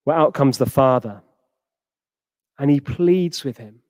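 A man's voice: a little slow, darkish tone, no room sound, big-room sound. A man preaching a sermon, retelling a parable and acting out the quoted characters. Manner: acts out quoted characters with rising pitch.

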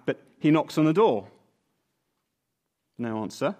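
Man, playful preacher, lively pitch swings, slightly high voice, sermon at the front of a church. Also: takes it slowly. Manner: playful, animated storyteller. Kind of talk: sermon with storytelling.

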